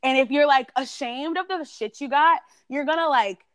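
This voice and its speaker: A woman's voice: high voice, normal speed, no echo, studio quality. A woman co-hosting a casual chat show, talking in a reflective, musing way. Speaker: podcast co-host.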